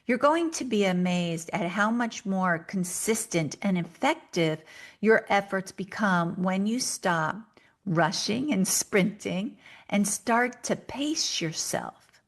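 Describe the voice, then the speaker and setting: A woman hosting a solo podcast, talking earnestly and directly to listeners with coaching advice, sometimes speeding up for quick acted asides. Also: medium pitch. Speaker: podcast host.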